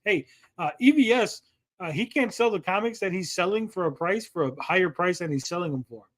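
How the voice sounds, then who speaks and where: Male livestream host, high voice, profane ranter. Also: fast, a bit bright. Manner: profane, ranting, mocking. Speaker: podcast host. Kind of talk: casual livestream chat.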